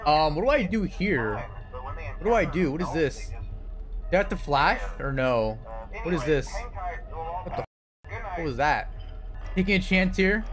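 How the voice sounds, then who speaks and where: A young man streaming a horror game, excitable and swearing, yelping and shouting whenever he gets startled. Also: on the high side, unhurried, long pauses, over music. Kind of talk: live gameplay commentary.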